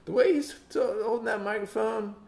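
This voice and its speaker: A man talks casually through a music reaction, teasing and quoting the singer in put-on voices. His voice has a gravelly fry to it. The recording sounds roomy and echoey. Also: sits high, moderate pace. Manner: playful, mock-quotes the singer in put-on voices. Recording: roomy echo.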